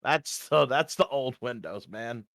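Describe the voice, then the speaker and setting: A man playing in a tabletop game, chatting casually, swearing freely and thinking out loud. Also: mid-range voice, animated, measured pace, gravelly, no room sound, clean studio sound. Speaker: player.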